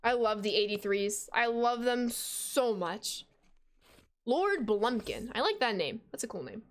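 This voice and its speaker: High-voiced chatty young woman streamer. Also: unhurried. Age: 20s. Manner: chatty, reads out and answers chat while playing; excitable, sudden high squeals of surprise. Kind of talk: casual game stream chat.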